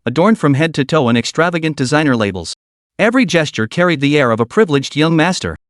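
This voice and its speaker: A man narrating a comic story recap in a steady, scripted read. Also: a little high, no room sound, clean studio sound.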